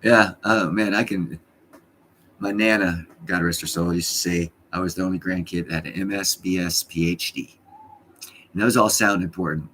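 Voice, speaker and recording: A man's voice: deep voice, fairly even intonation, normal speed, a bit bright, slight background noise. A middle-aged man hosting his own live stream from home, chatting casually in a rambling, blunt and profane way.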